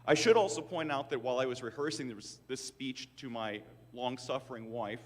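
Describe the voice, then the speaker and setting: In a large auditorium, a man in his sixties delivers a commencement address with wry, self-deprecating stories. His voice is medium-pitched and a little fast, and the PA carries hall reverb.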